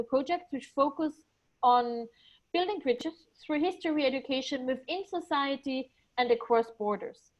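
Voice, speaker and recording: A woman's voice: high-pitched, lo-fi sound. A woman moderating an online webinar, introducing the speakers with frequent ums and small slips. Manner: many ums and uhs, reads bios with small slips.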